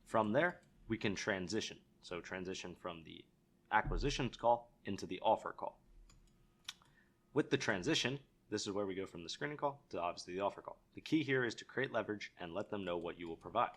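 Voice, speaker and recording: A man's voice: fairly low pitch, lively intonation, a little fast, fairly bright tone. A young man teaching sales calls in a casual, conversational way, acting out sample lines to sellers. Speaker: sales trainer. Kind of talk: instructional talk with role-played sales calls.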